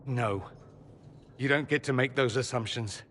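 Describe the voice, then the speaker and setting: An actor playing a proud, sarcastic male mage confronting the father he is estranged from, with a husky voice and a cutting manner. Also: mid-range voice, unhurried, a bit bright, long reverb tail. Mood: bitter. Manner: sarcastic, cutting, rising to anger. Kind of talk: game character dialogue.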